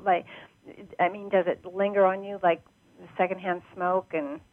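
A woman's voice: lowish voice, level tone, normal speed, no room sound. A woman co-hosting a radio talk show, chatting casually and laughing easily. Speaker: radio co-host. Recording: tinny phone line, dry.

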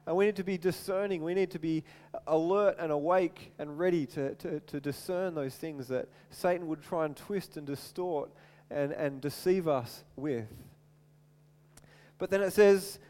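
A man preaching a sermon as animated storytelling, acting out voices and often repeating words, in a large hall with long reverb. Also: on the high side, a little slow.

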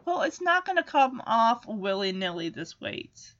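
Recapping a cartoon episode in a relaxed way, this reviewer speaks in a high, bright voice, full of sarcasm and energy. She often breaks into brief character impressions. The audio is somewhat dull and lo-fi.

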